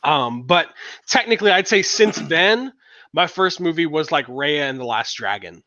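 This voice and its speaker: Chatty man with a bright voice. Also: a little high, expressive, moderate pace, no echo, highs cut off. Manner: rambling, with many fillers and restarts. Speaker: podcast co-host. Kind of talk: casual chat.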